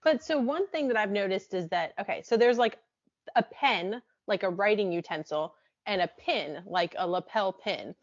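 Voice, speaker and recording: A woman's voice: mid-range voice, moderate pace, highs cut off. A woman co-hosting a podcast in casual chat, asking curious questions and laughing often. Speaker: podcast co-host.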